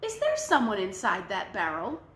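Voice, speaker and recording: A woman's voice: mid-range voice, huge pitch swings, normal speed, a bit bright, echoey room. A woman doing a courteous storybook knight. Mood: courtly. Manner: courteous and formal. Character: polite gallant male knight in armor.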